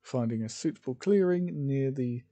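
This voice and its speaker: A man narrating an improvised fan story, halting often and correcting himself as he goes. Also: mid-range voice, lively intonation, mellow. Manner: halting, with many fillers and self-corrections.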